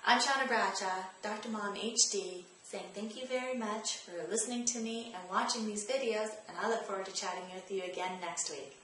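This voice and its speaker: Bright and forceful, a woman of medium pitch talks a little fast with hardly any pauses while hosting a parenting tips vlog, coaching the viewer directly and repeating her key points. A little hiss or hum sits under a very echoey room with faint ambience.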